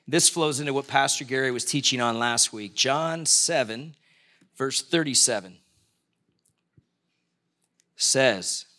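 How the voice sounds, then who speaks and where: A man's voice: medium pitch, slow pace, pauses often, bright, forceful tone. A man preaching a conversational sermon in a live-streamed church service, often asking the congregation questions. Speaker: pastor.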